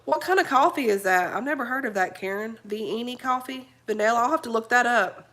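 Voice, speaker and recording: This vlogger's voice is fairly high and fairly bright, and she talks fairly quickly. She has covid and chats casually from home in a rambling morning live session, breaking off now and then to address her dog.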